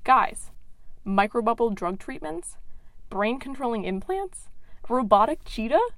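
A young adult woman hosting a science podcast, reading a scripted intro in a playful, excitable, self-mocking way. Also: a little high, measured pace, no room sound. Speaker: podcast host.

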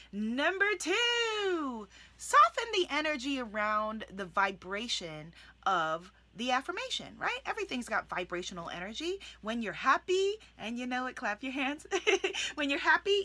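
A woman life coach giving an enthusiastic motivational talk to camera, acting out her affirmations as she goes. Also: on the high side. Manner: enthusiastic, animated, shifts into soft demonstrative affirmations. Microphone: video recording for online channel.

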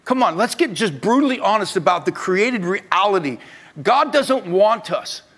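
High-voiced, emphatic male pastor. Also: very animated, moderate pace. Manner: emphatic, swings between loud urging and quiet confession. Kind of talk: sermon.

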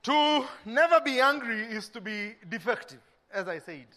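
A Kenyan man preaching a sermon, who acts out little dialogues and swings between loud bursts and hushed lines. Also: very high-pitched, expressive, moderate pace. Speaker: pastor.

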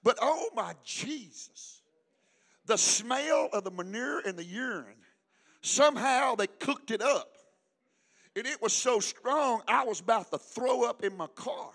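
An older male pastor, preaching a sermon with call-and-response, swinging from hushed talk to shouting. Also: very high voice, lively intonation, unhurried.

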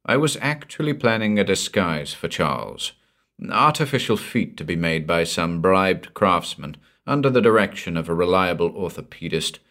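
Deep-voiced man reading a story. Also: lively intonation, moderate pace, a bit bright. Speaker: audiobook narrator. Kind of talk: scripted narration of a short story.

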